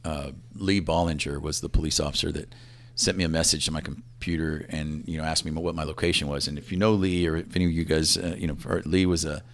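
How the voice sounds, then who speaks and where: A man in his fifties, a police assistant chief, telling a personal story in a halting, reflective way that often trails off quietly. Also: very deep voice, little pitch movement.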